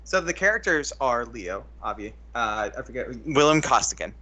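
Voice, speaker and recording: A man's voice: medium pitch, big pitch swings, moderate pace, sharp tone. A man co-hosting a casual film breakdown chat, rambling and restarting his sentences often. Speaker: co-host.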